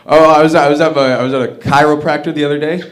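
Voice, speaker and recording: A man's voice: fairly high pitch, flat delivery, very fast. A man doing a stand-up set at an open mic, delivering one-liners with lots of hesitation and repeated words. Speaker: stand-up comedian.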